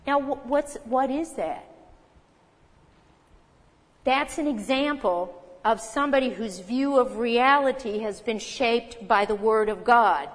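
A woman's voice: a little high, takes it slowly. A woman preaching a sermon, talking earnestly and emphatically, often asking the listeners rhetorical questions. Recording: long reverb from a hall.

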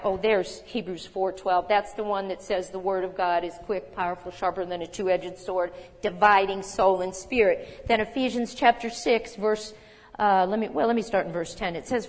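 A woman in her sixties teaching a sermon in a conversational, animated way, reading scripture aloud with emphasis. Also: medium pitch. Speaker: Bible teacher. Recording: long hall reverb.

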